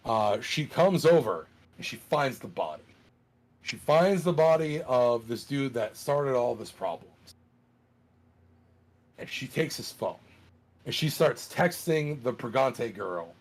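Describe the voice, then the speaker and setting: A man in a casual podcast chat, retelling a plot in an animated, profane way, with many fillers. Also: medium pitch.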